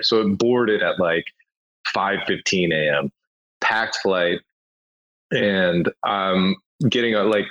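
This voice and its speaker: A man chatting casually on a podcast, telling an animated story with frequent swearing and laughter. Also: low voice, low-quality recording.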